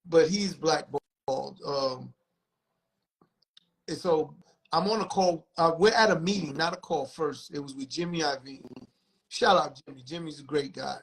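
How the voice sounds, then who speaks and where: A man's voice: fairly high pitch, a little slow, vocal fry, poor audio. A man in the music business telling a candid, profane story as a podcast guest, acting out other people's lines.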